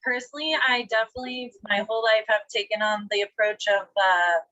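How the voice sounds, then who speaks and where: A woman from the audience asking a speaker a question, thoughtful and pausing to find her words. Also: medium pitch, fairly even intonation, bright, forceful tone, lo-fi sound.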